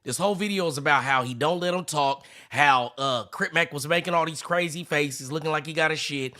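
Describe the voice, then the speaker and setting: Bright, animated male commentary host. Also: on the high side, a little fast. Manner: indignant, animated ranting. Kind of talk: reaction commentary.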